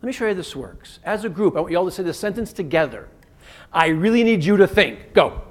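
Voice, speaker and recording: A man giving an interactive keynote as a communication coach, energetic and firing quick commands at the audience. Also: sits high. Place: conference stage in a large hotel venue.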